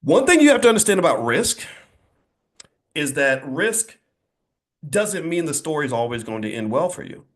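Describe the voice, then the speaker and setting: A man's voice: on the high side, sing-song, moderate pace, long pauses, fairly bright tone. A man delivering a motivational talk to a live audience in an indoor event space. He is emphatic and preachy and repeats phrases for punch. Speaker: finance speaker.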